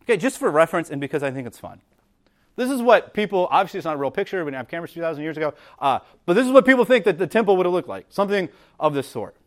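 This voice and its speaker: A male pastor preaches to his church in a relaxed, conversational way. His voice sits a little higher than most men's. He stumbles and repeats words, throws in "like" and "right?", and reads scripture slower and lower. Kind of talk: sermon. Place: church sanctuary.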